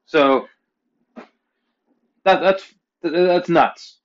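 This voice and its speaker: A man in his forties, originally from Pennsylvania, vents in a casual, swearing rant that keeps climbing louder and higher. His voice sits slightly high for a man. The recording is dull and lo-fi. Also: extremely slow. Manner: profane, heated ranting that climbs louder and higher. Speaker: vlogger.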